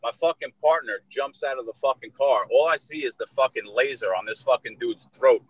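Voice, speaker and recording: A young man co-hosting a casual podcast, telling a long story full of swearing and filler words, and loudly acting out the shouted lines of the people in it. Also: mid-range voice, fairly quick, husky, rough recording. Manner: profane, rambling, with heavy fillers; acts out shouted quotes in a raised voice. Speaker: podcast co-host.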